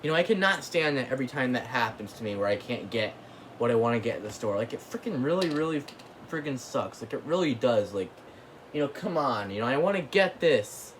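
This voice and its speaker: A man's voice: mid-range voice, lively intonation, a little fast, slight background noise. A man hosting his own channel, ranting casually in a rambling way, full of filler words and mild cursing. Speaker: channel host.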